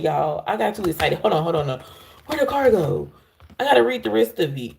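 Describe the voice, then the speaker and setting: Low gravelly woman reading tarot. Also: brisk, a little hiss or hum. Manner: excitable, laughs loudly, animated address to viewers. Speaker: tarot reader. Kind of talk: live tarot reading stream.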